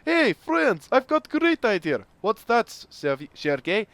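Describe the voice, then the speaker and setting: A man's voice: high voice, sing-song, takes it slowly, fairly bright tone, dry recording, voice pushed up, full character voice. A man voicing a boastful Soviet aircraft designer in a mock Russian accent and broken English, scheming gleefully.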